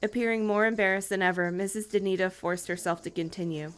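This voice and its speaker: A woman reading a novel aloud on a podcast in a plain, steady way. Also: medium pitch, fast, few pauses, clear, resonant tone. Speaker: podcast co-reader.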